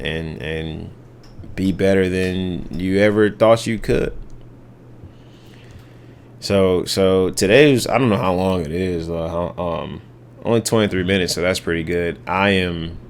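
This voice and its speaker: A young man hosting a podcast, telling a story in a reflective, halting way with many restarts. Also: deep voice, a little hiss or hum. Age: young adult. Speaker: podcast host. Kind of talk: casual storytelling monologue.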